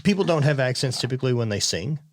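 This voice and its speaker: A man's voice: mid-range voice, lively intonation, fast talker, no echo. A man hosting a podcast, chatting casually and telling rambling stories full of swearing. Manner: swears freely, rambling storyteller. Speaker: podcast host. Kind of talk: casual chat.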